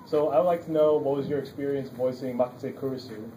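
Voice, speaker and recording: A man's voice: medium pitch, quick pace, dark tone, slight background noise, low-quality recording. Hesitant man asking a panel question. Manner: hesitant, many ums and uhs.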